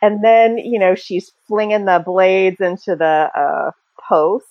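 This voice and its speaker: A woman's voice: medium pitch, takes it slowly, dry recording, highs cut off. A woman co-hosting a casual fan podcast, chatting and speculating freely, with many fillers and small laughs. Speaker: podcast co-host.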